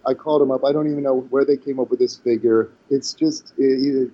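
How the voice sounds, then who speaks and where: Speaking fairly quickly in a mid-range voice, a man in his forties tells stories as a podcast guest. The chat is casual and he's animated, performing quotes and restarting many times. The sound quality is dull and lo-fi.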